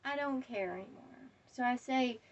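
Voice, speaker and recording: A woman's voice: a little high, normal speed, recorded from a distance, highs cut off. A woman delivering a defiant, profane rant straight to camera. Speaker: vlogger. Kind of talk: angry monologue to camera.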